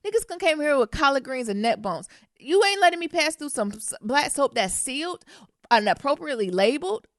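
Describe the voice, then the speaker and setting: Brief: woman podcast co-host, fired-up profane storyteller, higher voice that swoops, dry close sound. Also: a little fast, dry recording. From Detroit. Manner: indignant, profane, animated storyteller. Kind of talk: casual storytelling chat.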